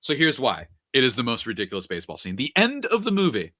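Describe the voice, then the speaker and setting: A man chatting on a podcast in a lively, sharp voice that swoops up and down as he tells a story. The sound is close and dry, with no room around him. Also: mid-range voice, fast, no echo. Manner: animated storytelling, retelling a movie scene by scene. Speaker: podcast speaker. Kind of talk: casual chat.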